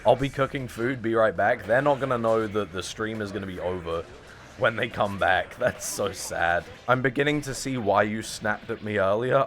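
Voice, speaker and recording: A man's voice: on the low side, lively intonation, moderate pace, fairly bright tone, soft background music. A man in his twenties streaming a fighting game, chatting casually and joking at his own expense with his viewers. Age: 20s. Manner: rambling, jokey and self-mocking, talking to chat.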